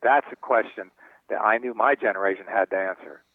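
A man's voice: fairly low pitch, a little fast, no echo. Older man telling stories over a phone line. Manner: animated storyteller acting out quoted voices. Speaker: author and guest. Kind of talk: storytelling interview answers. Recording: tinny phone line, dry.

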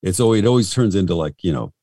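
A man's voice: sits low, lively intonation, rapid-fire, mellow, dry recording, studio quality. A middle-aged male voice actor talking casually and frankly in an interview, rambling and self-deprecating.

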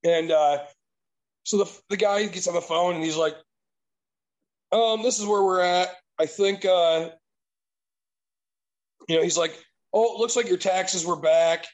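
A man with a high-pitched voice tells a long story in relaxed conversation. He swears freely and sounds exasperated throughout. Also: measured pace, pauses often, rough recording. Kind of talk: casual chat.

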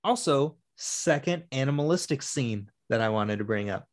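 A man's voice: medium pitch, normal speed. A man co-hosting a podcast, casually talking through a film and acting out what the characters say. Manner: animated retelling, acts out characters' lines.

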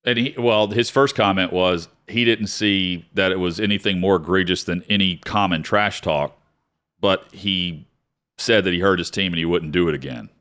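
Male sports talk co-host, low voice, conversational and rambling. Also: normal speed, a bit bright. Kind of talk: sports talk radio discussion.

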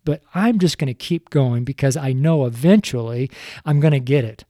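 A man's voice: medium pitch, moderate pace, warm tone, no room sound, clean studio sound. An older man, a longtime street preacher, giving a sermon into a microphone, stumbling over his words and chuckling at himself. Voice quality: stumbling, self-deprecating, chuckling often. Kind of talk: recorded sermon show. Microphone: studio microphone.

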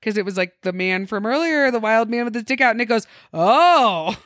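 A young woman co-hosting a podcast, telling stories in an animated way with laughter and acted-out voices. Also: fairly high pitch, fast, no echo, clean studio sound. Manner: animated, laughing, acts out quoted people. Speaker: podcast co-host. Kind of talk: casual storytelling chat.

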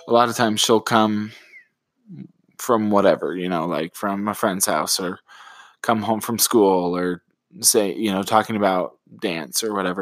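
Relaxed, rambling man chatting dryly. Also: fairly low pitch, dry recording. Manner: relaxed, rambling with many fillers. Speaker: podcast co-host and parent. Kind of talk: casual conversational chat.

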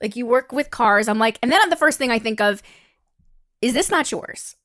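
A young woman with a fairly high voice tells a dating story in casual chat. She keeps it animated and throws herself into the quoted lines. The sound is close and dry. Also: moderate pace, no echo. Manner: animated, acts out quotes with a higher pitch, swears, laughs.

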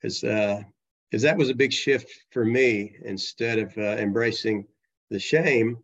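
Low gravelly man, dull lo-fi audio. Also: unhurried. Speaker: interview guest. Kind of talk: conversational interview.

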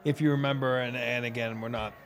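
A man's voice: mid-range voice, steady tone, fast talker, creaky. A man with a mid-range voice chimes in readily during a casual sports chat. He is agreeable and adds short remarks from his own memory.

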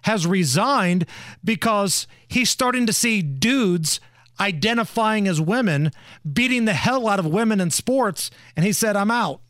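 A man's voice: high voice, lively intonation, measured pace, fairly bright tone, dry recording, clean studio sound. A man hosting a podcast, talking in a blunt, crude and mocking way. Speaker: podcast host. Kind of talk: casual opinion talk.

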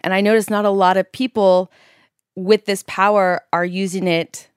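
A woman's voice: medium pitch, level tone, moderate pace, clear, resonant tone, no echo, clean studio sound. A woman from San Francisco, a publicist guest, talking in an upbeat, earnest way and laughing easily. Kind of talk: casual interview.

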